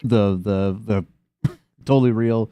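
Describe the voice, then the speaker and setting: A man runs a tabletop game and narrates in a casual, amused way. His voice is fairly low and the recording is dry and close. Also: steady tone, slow pace, dark tone, smooth, no echo. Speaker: game master.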